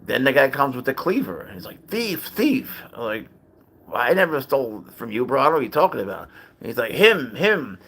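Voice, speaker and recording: A man with a gravelly voice at a middle pitch hosts a casual livestream. He tells a long story in a loose, rambling way, swearing often and breaking off to greet viewers in the chat. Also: lively intonation, quick pace, a bit bright. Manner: rambling, profane, chatty with viewers. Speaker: livestream host and cat owner.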